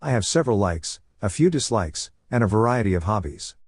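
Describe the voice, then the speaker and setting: A relaxed, teasing grown man who teaches young ninjas, read out by a man narrating a story. He talks in an easy, unhurried way with a fairly low voice. The recording is close and dry, with no room sound. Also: breathy edge, no echo, heavily acted. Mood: easygoing.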